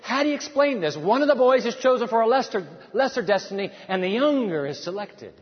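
A man's voice: extremely high pitch, sing-song, brisk. A man preaching a sermon, speaking emphatically and firing rhetorical questions at the congregation. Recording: dull sound in a reverberant hall.

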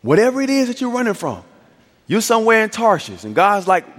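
Male pastor, high voice, storytelling sermon with emphatic climaxes, recorded in a reverberant church. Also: wildly swooping pitch, a little fast, a bit bright. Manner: storytelling preacher, acts out dialogue, builds to emphatic climaxes. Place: church sanctuary.

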